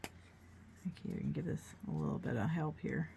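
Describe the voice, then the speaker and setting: A chatty art tutorial host, an adult whose mother paints, encourages viewers and thinks aloud while demonstrating a painting. Her deep voice is animated and creaky with a dark tone, moving at normal speed over slight hiss or hum.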